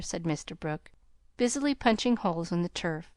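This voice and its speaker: A woman with a New Zealand accent narrating a classic novel as an audiobook, in a calm, even reading. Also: on the low side, normal speed, clean tone, no room sound, studio quality.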